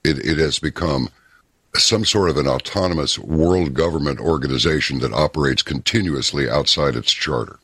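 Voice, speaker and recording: Very deep, husky man. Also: a bit bright, no room sound, clean studio sound. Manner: folksy, opinionated, storytelling with pauses. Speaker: talk show host. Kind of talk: casual talk radio commentary.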